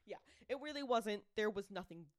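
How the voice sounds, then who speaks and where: With a mid-range voice and a brisk delivery, this woman co-hosts a podcast and tells a true-crime case as a chatty storyteller. She gives quoted people animated voices and uses "like" and "um" frequently, and the studio-quality sound has no echo.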